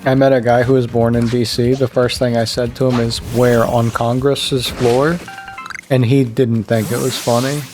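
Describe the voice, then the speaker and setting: A young man from Virginia chatting casually while playing a game, rambling and joking, jumping up in pitch to make a point. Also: little pitch movement, fairly quick, few pauses, darkish tone, faint music behind. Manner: rambling, joking, jumps into higher pitch for emphasis. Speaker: gaming streamer. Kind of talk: casual gameplay commentary.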